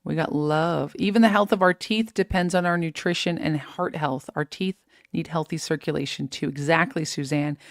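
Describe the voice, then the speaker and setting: A woman hosting a live fitness stream, giving energetic, preachy, faith-based motivation and reading out viewer comments. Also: deep voice, moderate pace, no echo, clean studio sound. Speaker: host of a live fitness show.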